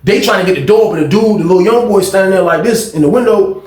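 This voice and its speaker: A man hosting his channel, telling a storytime tale in an animated, profane street style. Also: high-pitched, fast talker. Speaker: channel host. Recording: echoey room.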